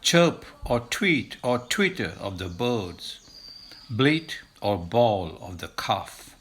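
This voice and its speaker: A man teaching vocabulary, slowly and deliberately listing words for animal sounds, lifting his voice on the sound words. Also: very animated, a bit bright. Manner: slow, deliberate listing, lifts pitch to mimic sounds. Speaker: language teacher. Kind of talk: slow vocabulary lesson.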